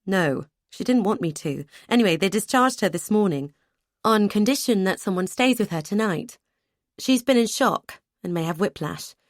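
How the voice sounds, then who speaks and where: A woman's voice: medium pitch, expressive, normal speed, no room sound, clean studio sound, close to an everyday voice. A woman voicing a brusque, dutiful adult brother who talks bluntly and matter-of-factly in an audiobook. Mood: curt.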